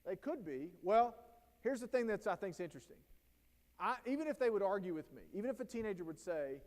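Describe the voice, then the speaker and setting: A man's voice: sits high, animated, quick pace, big-room sound. A man giving a conversational, anecdote-driven talk at a teacher training day. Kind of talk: storytelling professional development talk. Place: school auditorium or hall.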